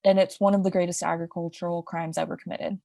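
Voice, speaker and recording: Young woman, podcast co-host, lowish voice, dry close sound, chatty storytelling. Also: flat delivery, fast talker, vocal fry, warm tone, dry recording. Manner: chatty, explains with asides and restarts. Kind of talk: casual storytelling chat.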